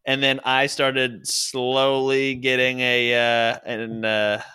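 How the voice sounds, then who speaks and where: A man's voice: mid-range voice, monotone, takes it slowly, pushed and bright, clean tone. A man from Virginia telling a story in casual chat, laughing often and swearing freely. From Virginia, USA.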